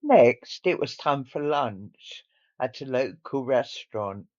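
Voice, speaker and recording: A man narrates a cruise travel vlog in an unhurried, measured voice-over with a lively rise and fall in pitch. The sound is slightly dull and lo-fi.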